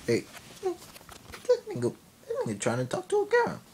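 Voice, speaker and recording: A man putting on the voice of his mocking stepfather, loud and goofy as he teases him. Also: very high-pitched, wildly swooping pitch, moderate pace, a little hiss or hum, pitched above the performer's own voice, heavily acted. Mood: taunting. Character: mocking adult stepfather teasing his stepson.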